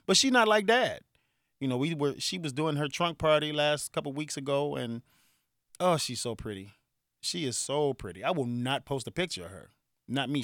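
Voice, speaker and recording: A man in his forties from Chicago with a Chicago accent, hosting a casual solo podcast, animated and joking, laughing often. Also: mid-range voice, no echo, studio quality. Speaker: podcast host.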